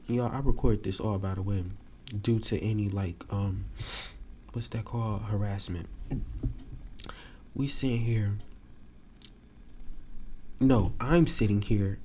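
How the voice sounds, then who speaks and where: A young man hosting a podcast, telling a story casually to a live audience and acting out the quotes with sudden jumps in pitch. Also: steady tone, takes it slowly, pauses often, dark tone, slight background noise. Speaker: podcast host.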